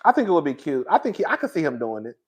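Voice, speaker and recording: A young man hosting a casual gossip talk show, animated and campy, laughing loudly and using lots of slang. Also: a little high, rapid-fire. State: out of breath. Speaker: host.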